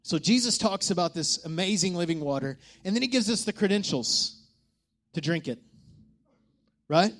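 A male pastor preaching a sermon in an animated manner, shifting between loud calls and hushed lines and asking the congregation questions. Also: high voice, moderate pace, pauses often.

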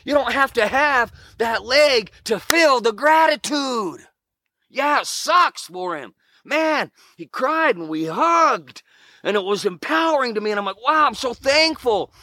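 A man's voice: very high voice, lively intonation, measured pace, pushed and bright. A middle-aged man giving an earnest, emphatic motivational talk about wilderness survival and self-improvement. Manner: earnest, emphatic, preachy with repeated exclamations.

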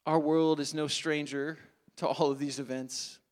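A male pastor preaching a sermon, telling the story dramatically, swinging from loud emphasis to hushed asides. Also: on the high side, flat delivery, a little slow.

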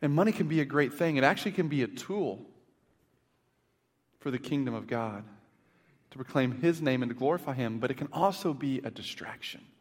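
A man's voice: medium pitch, fairly quick, breathy edge. Preaching man in a reverberant hall. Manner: animated storytelling, swinging from loud to hushed. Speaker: pastor. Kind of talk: sermon. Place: church sanctuary.

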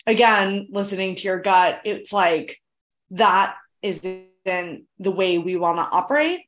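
A woman's voice: mid-range voice, takes it slowly. A woman co-hosting a podcast in casual chat, talking freely with many fillers and easy laughs. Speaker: podcast co-host.

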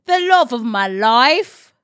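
A woman's voice: fairly high pitch, sing-song, takes it slowly, a bit bright, smooth, no echo, studio quality. A young adult woman hosting a casual podcast chat, giggly and playful, joking around and laughing often. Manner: giggly, playful, jokes in silly put-on accents. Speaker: podcast host.

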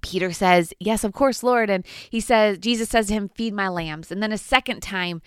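Earnest woman teaching the Bible, smooth voice. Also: medium pitch, moderate pace, hardly any pauses, dry recording, studio quality. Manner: earnest storytelling with playful asides. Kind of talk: devotional teaching.

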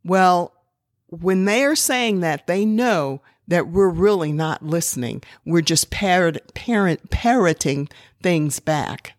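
A woman's voice: fairly low pitch, expressive, takes it slowly, no room sound, studio quality. A middle-aged woman giving an earnest talk to parents, acting out example phrases as she goes. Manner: earnest, quotes examples in acted tones. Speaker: parenting speaker.

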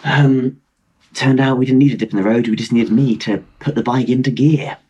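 A man's voice: mid-range voice, fairly even intonation, moderate pace, dark tone, lo-fi sound, slight background noise. A man in his twenties, from Britain, telling a rambling, self-mocking story over a video call. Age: 20s. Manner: rambling, self-mocking, lots of fillers and restarts. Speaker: guest.

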